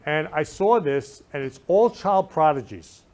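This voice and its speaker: Speaking from his room in a casual talk show monologue, this host has a fairly high, expressive voice with wide pitch swings and a slightly slow pace. He is effusive, hitting his words hard and repeating the same loving phrases over and over.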